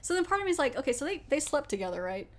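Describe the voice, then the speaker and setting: A woman's voice: sits high, very animated, very fast. A woman podcast host recapping a TV episode in casual chat, animatedly acting out the characters' lines and laughing often.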